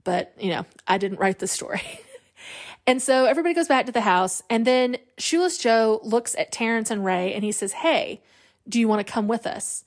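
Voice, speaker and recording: A woman's voice: a little high, moderate pace. A woman podcast host casually retelling a movie scene by scene, acting out the characters' lines with feeling. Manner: animated retelling, acts out quotes, laughs.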